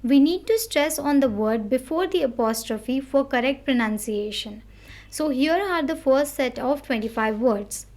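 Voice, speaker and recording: A woman teaching English vocabulary in a measured, explanatory way, reading out definitions and example sentences. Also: high voice, expressive, a little mellow. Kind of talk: instructional word-by-word lesson.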